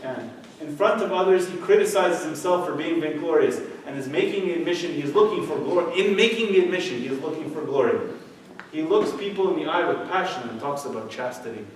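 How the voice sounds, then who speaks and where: A man's voice: on the high side, a little fast, slight background noise. Man in an echoey church hall. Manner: conversational, keeps asking "okay?". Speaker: youth speaker. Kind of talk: church youth talk. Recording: echoey room, voice from far off.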